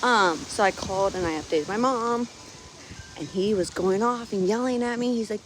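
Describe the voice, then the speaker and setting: A woman's voice: medium pitch, brisk, soft background music, low-quality recording. A young woman venting about her family in a casual monologue, recorded outdoors on her phone with wind around her. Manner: frustrated, keeps tagging "right?". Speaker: vlogger. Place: outdoors on her farm, windy.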